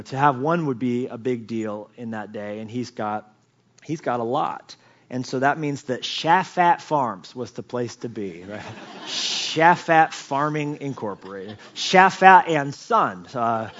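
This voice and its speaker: A man preaching a sermon as pastor, telling the story with lively asides, jokes and many restarts. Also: mid-range voice, lo-fi sound. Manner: animated storytelling, swings from quiet asides to loud emphasis; many restarts and repeated words, jokes and chuckles.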